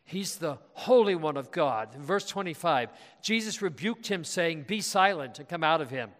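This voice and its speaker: A man's voice: on the high side, expressive, moderate pace, a bit bright. A man preaching a sermon as pastor, asking his congregation questions and leaning hard on key words. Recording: long reverb of a large hall.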